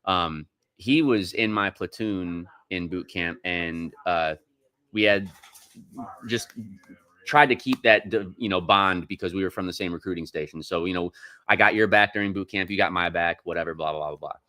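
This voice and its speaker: A man's voice: low-pitched, normal speed, pushed and bright. A man on a podcast, rambling through profane, restart-filled stories as a Marine veteran in casual chat.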